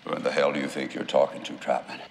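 An actor playing a scheming government bureaucrat who condescends, blusters and threatens in a heated argument, heard in reverberant film audio. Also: male voice, very deep voice, flat delivery, fast talker, creaky, a little hiss or hum. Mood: blustering threat.

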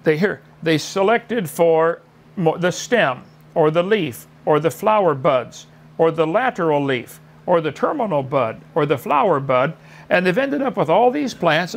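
Gravelly man lecturing mockingly. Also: fairly high pitch, expressive, normal speed. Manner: mocking, lecturing, repeats points. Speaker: debater. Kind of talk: debate rebuttal, lecturing.

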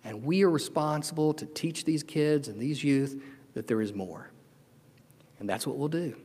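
A middle-aged man preaching a sermon as pastor, earnest and emotional, swinging from loud declarations to hushed, tender moments. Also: mid-range voice. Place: church sanctuary. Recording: long hall reverb.

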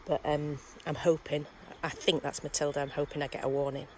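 A woman's voice: low voice, fairly quick. Gushing Englishwoman by a railway line. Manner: emotional, gushing, near tears with excitement. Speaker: vlogger. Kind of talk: excited outdoor vlog chat. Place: outdoors by a railway line in the countryside. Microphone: handheld tablet camera. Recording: outdoor recording with clear background noise.

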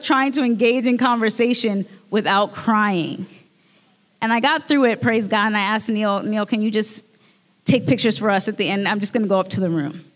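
A woman with a fairly high voice gives a heartfelt church testimony, earnest and emotional, tripping over her words as she goes. Her voice rings out with a long reverb, as though in a large church hall. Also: fairly bright tone. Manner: earnest and emotional, with frequent restarts and laughs. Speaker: speaker sharing a communion message. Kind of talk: personal testimony at a church service.

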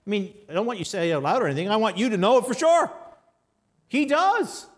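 A male pastor preaching a sermon in a church, emphatic, rising to loud exhortations and dropping to quiet storytelling. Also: sits high, very animated, fast talker. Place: church sanctuary.

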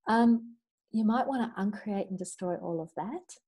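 A middle-aged woman leading a healing class, telling stories in an earnest, chatty way and rattling off clearing statements. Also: medium pitch, dark tone. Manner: earnest, chatty, storytelling, with quick recited formulas. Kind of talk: spoken teaching talk with clearing statements.

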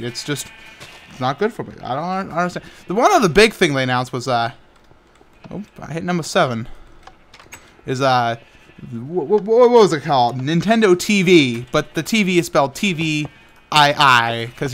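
A man's voice: a little high, fairly bright tone. Stammering young man chatting over Minecraft. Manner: rambling, frequent stammered restarts; playful sound effects. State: tired. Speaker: gaming video host. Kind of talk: casual talk while playing Minecraft.

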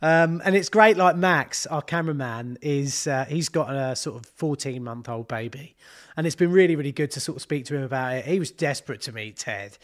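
A man's voice: mid-range voice, brisk. A man, a plumber chatting casually on a live stream, rambling and swearing freely. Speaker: plumber and channel host.

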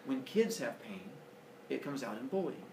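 A man's voice: medium pitch, very animated, normal speed, echoey room, noisy background. A man in his forties giving an earnest, personal motivational talk to students, heard from a distance in a large room. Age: 40s. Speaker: school speaker.

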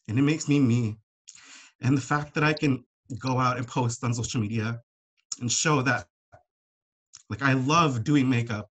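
A young man speaking heartfelt and emotional about his own life, swearing now and then as he gets upset. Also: medium pitch. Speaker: panelist. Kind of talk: emotional personal sharing.

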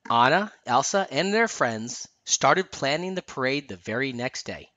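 A woman reading a short children's story aloud in a calm narrating manner. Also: extremely low pitch, a little slow, no echo, highs cut off.

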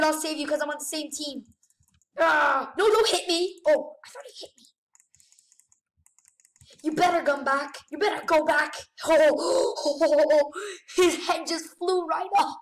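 A high-pitched woman narrates her gameplay with excited gasps and exclamations. Her voice rings in an echoey room, picked up from a mic set some distance away. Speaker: gamer. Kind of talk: gameplay commentary.

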